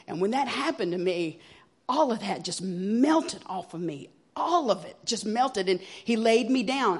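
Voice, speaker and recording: Earnest woman giving testimony. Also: mid-range voice. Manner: earnest, expressive storytelling. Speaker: guest speaker. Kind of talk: testimony sermon.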